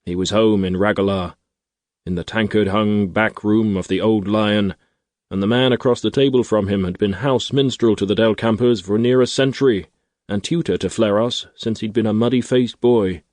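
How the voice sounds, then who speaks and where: Male audiobook narrator, low pitch, dry studio sound, measured storyteller. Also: darkish tone, dry recording. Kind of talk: scripted narration.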